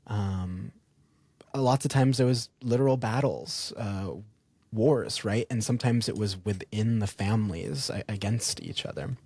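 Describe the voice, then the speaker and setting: In a lowish, husky voice and at a slightly slow pace, this man co-hosts a podcast, chatting casually about a castle's history. He's animated, laughs a lot, and uses fillers such as "um," with no room sound.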